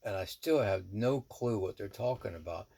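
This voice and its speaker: A man's voice: on the low side, expressive, moderate pace, gravelly, mellow. A middle-aged man, a shaman, telling a personal story in a rambling, easygoing way, full of asides. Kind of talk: casual spoken storytelling.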